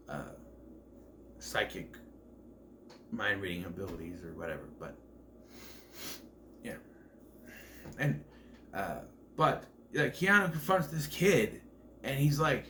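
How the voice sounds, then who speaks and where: Rambling through his film commentary, a male reviewer fills his speech with fillers and keeps restarting and correcting himself. His voice is medium-pitched and a bit bright, with a little noise behind it.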